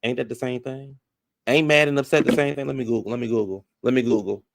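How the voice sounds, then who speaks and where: A man giving a sassy, casual recap of a reality show, talking back to what happened on screen, drawling some words and rushing others. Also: medium pitch, fairly even intonation, gravelly.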